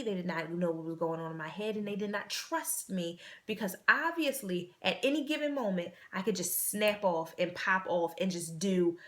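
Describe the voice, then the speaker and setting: Low, gravelly woman telling her story. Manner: earnest, halting, repeats phrases, drops to a hush. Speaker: vlog host. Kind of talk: personal storytelling.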